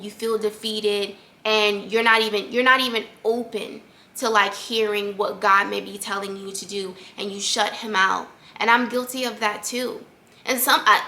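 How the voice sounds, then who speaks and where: A young adult woman hosts a faith podcast, delivering a casual monologue that is earnest, conversational and full of fillers. Her mid-range voice is creaky and bright, with a forceful tone.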